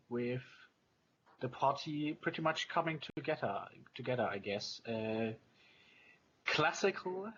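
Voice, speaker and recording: A man acting as game master in a relaxed online tabletop session. He speaks at an ordinary middle pitch, easygoing, with plenty of fillers and the odd swear. The voice sounds a little muffled, with faint hiss behind it. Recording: muffled lo-fi voice chat.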